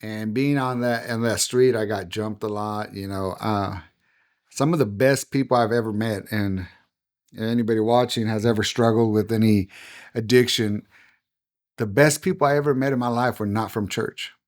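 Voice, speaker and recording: A man's voice: lowish voice, fairly even intonation, normal speed, darkish tone. Earnest middle-aged man telling his story. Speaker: pastor and podcast guest. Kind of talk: personal testimony in a podcast interview.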